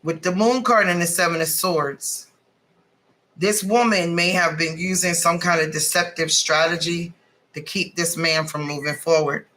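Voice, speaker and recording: A woman giving a casual tarot card reading, blunt and animated, swearing freely as she talks. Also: fairly low pitch, measured pace, poor audio. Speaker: tarot reader.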